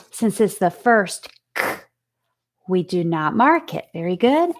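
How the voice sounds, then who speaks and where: A woman teacher giving a recorded phonics lesson to young students, slowly sounding out letters and praising her pupils. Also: a little high, big pitch swings.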